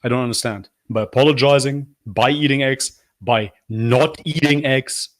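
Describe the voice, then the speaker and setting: A man's voice: normal speed, dry recording. A sarcastic man on a livestream tears into a video, blunt, mocking and half laughing at what he watches. His voice sounds a little worn from talking, and the recording is dry and close. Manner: mocks with high, whiny put-on apologies. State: losing his voice. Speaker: livestream host reacting to a video. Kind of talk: live reaction commentary.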